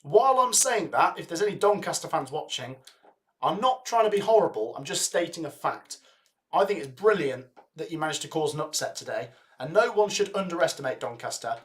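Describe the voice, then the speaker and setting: An upbeat young man hosts a live football watch-along with a slightly high voice. He keeps urging viewers to like and comment, and he rattles off long lists of club names read from the chat in casual, chatty bursts. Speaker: livestream host.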